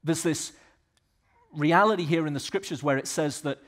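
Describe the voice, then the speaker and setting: A man from the American South preaching a sermon as pastor of a church, swinging between loud exhortation and quiet, earnest asides. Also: fairly high pitch, normal speed. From Southern United States.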